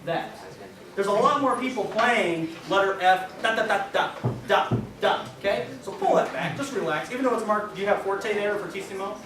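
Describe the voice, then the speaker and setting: A man directing a high school band rehearsal, scatting rhythms on nonsense syllables and counting the players in. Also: lively intonation, moderate pace, far from the mic, background noise. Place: large band rehearsal room. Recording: echoey rehearsal room from afar with band music. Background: band playing.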